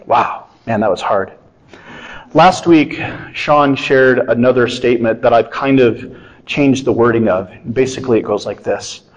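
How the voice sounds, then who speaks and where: A man's voice: mid-range voice, highs cut off. Conversational man preaching a sermon. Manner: conversational, animated preaching with self-deprecating humor. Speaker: pastor.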